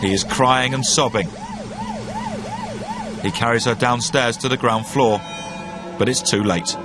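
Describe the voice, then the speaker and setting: A man giving scripted documentary narration in a steady, even delivery. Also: mid-range voice, a little slow, noisy background. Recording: narration over loud music.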